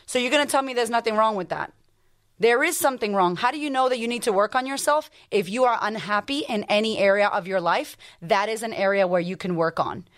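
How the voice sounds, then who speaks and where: A woman life coach hosting a motivational podcast, talking bluntly and emphatically with lots of swearing and rapid-fire rhetorical questions. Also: medium pitch.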